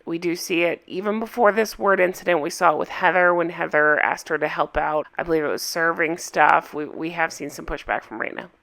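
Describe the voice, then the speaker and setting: A woman recapping a reality show in a casual, opinionated way, hoarse from a cold and asking viewers for their thoughts. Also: fairly low pitch, fairly quick, few pauses, a bit bright. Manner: chatty, opinionated, asks viewers for comments.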